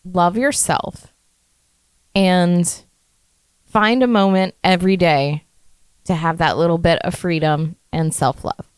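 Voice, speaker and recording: A woman's voice: fairly low pitch, takes it slowly, long pauses, smooth, no room sound. A woman co-hosting a casual podcast, candid, swearing casually and laughing easily. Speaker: podcast co-host. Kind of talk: casual chat.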